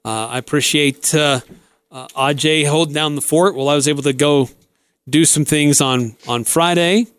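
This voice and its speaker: A man's voice: on the high side, normal speed, a bit bright, clean tone, no echo. A male sports radio host talking casually and unhurriedly, with many filler words.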